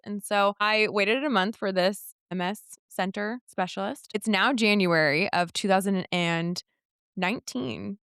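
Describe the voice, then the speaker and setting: A woman's voice: medium pitch, clear, resonant tone, dry recording, clean studio sound. A young woman in a casual podcast conversation, candidly retelling her experiences and acting out what people said to her. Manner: candid, animated retelling with quoted dialogue. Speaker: podcast guest.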